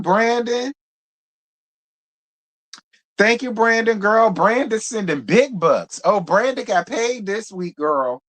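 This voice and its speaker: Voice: medium pitch, a bit bright. A reality TV review host giving a live recap, blunt and profane, repeating points for emphasis and talking straight to viewers. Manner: talks straight to viewers, calls them girl and y'all.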